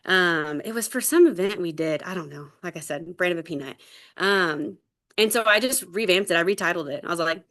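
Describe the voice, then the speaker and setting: A woman's voice: on the low side, fairly quick, pushed and bright. Rambling woman on a group video call. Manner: rambling, lots of "like" and "um", gets teary. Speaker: sales team member sharing her story. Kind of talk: casual talk on a group call.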